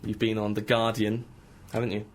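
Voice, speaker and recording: A man's voice: lowish voice, monotone, normal speed, slight background noise. A man hosting a comedy radio show in a studio, teasing his guest and then reading his own rhyming rap poems with mock-boastful swagger. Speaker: radio host. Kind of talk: comic radio banter and rap poetry reading.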